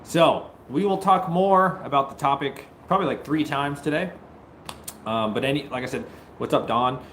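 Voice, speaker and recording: A man hosting a casual live stream, greeting viewers and joking, at times breaking into loud mock-taunting. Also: mid-range voice, normal speed, slight background noise. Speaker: livestream host. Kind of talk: casual livestream chat with viewers.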